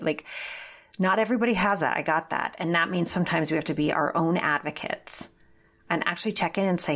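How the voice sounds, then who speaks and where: Animated woman, lower register, emphatic guest who now and then swears. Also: a little fast. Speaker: podcast guest. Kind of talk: conversational interview.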